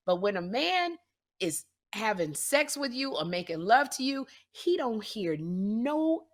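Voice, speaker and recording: A middle-aged woman co-hosting a comedy podcast, telling stories and acting out quotes loudly in casual chat. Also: fairly high pitch, unhurried. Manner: animated storyteller, acts out quotes loudly. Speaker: podcast co-host.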